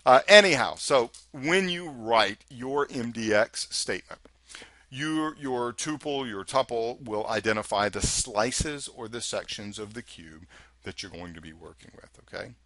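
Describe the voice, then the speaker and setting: A man walks through a technical lesson in an easy, talkative way, tossing in rhetorical questions as he goes. His voice is bright and forward, and it sits close and dry on the mic with no room sound. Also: lowish voice, lively intonation, a little slow, dry recording. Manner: chatty and conversational, asks rhetorical questions. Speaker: instructor. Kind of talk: recorded technical lecture.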